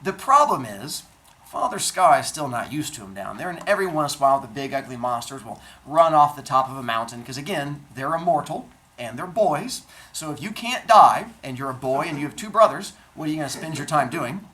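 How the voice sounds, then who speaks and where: A woman teacher telling myths to a class in animated, jokey comic storytelling with chatty asides. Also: low voice, brisk, echoey room, low-quality recording.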